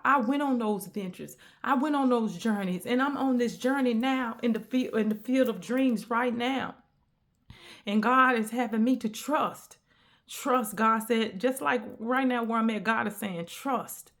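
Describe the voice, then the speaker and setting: A woman's voice: on the high side, a little slow. A woman giving an emphatic, repetitive inspirational message in a preacher-like cadence. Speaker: spiritual content creator.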